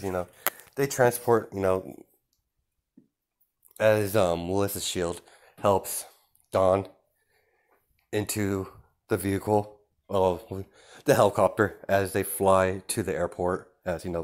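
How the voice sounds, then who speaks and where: A man with a very low voice narrating a fan story on the fly. He rambles casually, full of fillers, restarts and asides to his listeners. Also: unhurried, pauses often, darkish tone.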